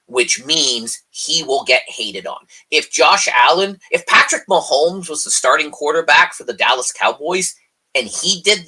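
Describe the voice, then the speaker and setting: A man's voice: a little high, bright, forceful tone, slightly rough. A man co-hosting a live coffee chat stream, ranting hotly about football and swearing freely. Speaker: co-host. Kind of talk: casual chat. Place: live stream video call.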